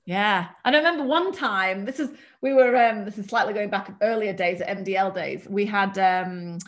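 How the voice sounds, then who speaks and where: A woman with a mild English accent, a guest telling work stories in a chatty, animated way. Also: mid-range voice, normal speed. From England. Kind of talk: casual storytelling.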